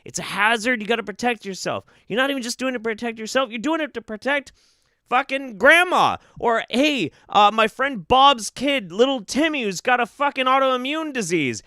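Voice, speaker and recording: A young man streaming live reaction commentary, ranting and swearing, swinging between loud outbursts and muttered asides. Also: very high-pitched, lively intonation, normal speed, no room sound, clean studio sound.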